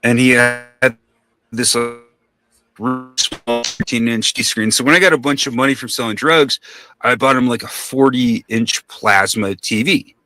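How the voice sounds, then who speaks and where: A man's voice: mid-range voice, fairly even intonation, unhurried, sharp tone. A man telling a long story in casual podcast talk, rambling and profane, acting out the voices of the people in it.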